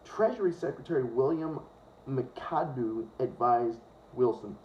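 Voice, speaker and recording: A host reads a book aloud in a mid-range voice at a moderate pace, animated and ranting between passages with profane, sarcastic interjections. He stumbles over words and corrects himself, captured on a dull lo-fi phone recording with faint hiss.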